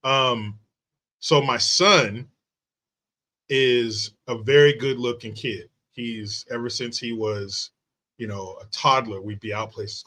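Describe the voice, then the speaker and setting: A man's voice: mid-range voice, fairly even intonation, takes it slowly, pushed and bright. A man hosting a casual interview, chatty and meandering as he sets up long questions. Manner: chatty, meandering, many fillers. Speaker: podcast host.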